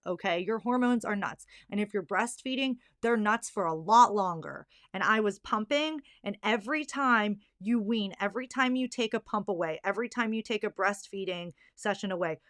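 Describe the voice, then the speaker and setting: A woman's voice: mid-range voice, fairly bright tone, no echo, clean studio sound. A young woman hosting her own podcast, speaking candidly and earnestly, getting worked up and emphatic about the subject. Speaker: podcast host. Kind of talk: candid solo podcast talk.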